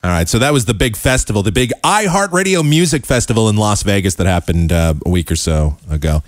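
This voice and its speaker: A man hosting a talk show, giving casual, sarcastic commentary with quick asides. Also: lowish voice, expressive. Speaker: show host.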